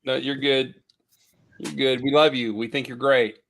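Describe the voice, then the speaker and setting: A man's voice: medium pitch, steady tone, unhurried, vocal fry, fairly bright tone. Joking man in casual chat. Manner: rambling, joking, many fillers. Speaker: podcast co-host.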